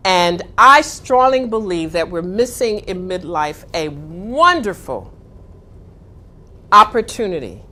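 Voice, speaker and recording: Slow, lively motivational speaker woman. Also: lowish voice. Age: middle-aged. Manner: storytelling with dramatic pauses. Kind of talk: motivational talk.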